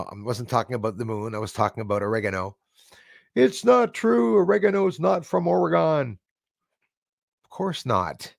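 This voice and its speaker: A man with a gravelly, creaky voice hosts a casual live stream and jokes with his viewers. He rambles along with plenty of fillers and restarts. The sound is close and dry, with no room echo. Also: mid-range voice. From Canada.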